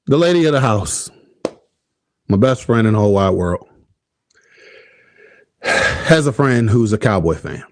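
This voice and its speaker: A man's voice: lowish voice, expressive, a little slow, long pauses, no echo. A man hosting a casual sports talk show, ranting with heavy profanity and laughing at his own frustration. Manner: profane, exasperated, laughing at himself. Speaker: podcast host.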